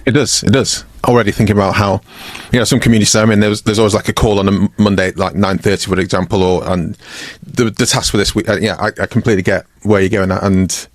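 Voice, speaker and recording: A man hosting a podcast interview, answering quickly and eagerly, with fillers. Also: fairly low pitch, fairly even intonation, dry recording, studio quality. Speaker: podcast host.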